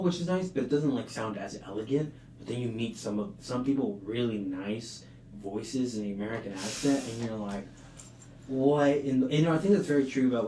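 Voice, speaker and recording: A young man hosting a podcast in casual chat, relaxed and filler-heavy. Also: mid-range voice. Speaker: podcast host. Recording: roomy and distant with faint noise.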